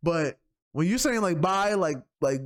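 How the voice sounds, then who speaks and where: A man co-hosting a podcast, talking in a rambling, animated way, full of profane slang. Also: a little high, brisk. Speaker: podcast co-host. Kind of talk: casual chat.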